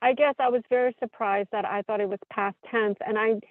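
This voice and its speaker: A woman calls in to a live advice show, her voice slightly high and hesitant, full of pauses and restarts. She comes through a tinny, dry phone line. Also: steady tone, no echo. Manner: hesitant, many fillers and restarts. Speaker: caller. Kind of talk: call-in conversation.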